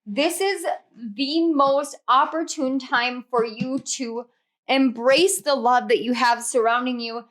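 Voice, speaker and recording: A young woman with a slightly high voice reads tarot cards in a casual, gushing way. She gets emotional and laughs often between her words. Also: fairly even intonation, takes it slowly, a bit bright. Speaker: tarot reader.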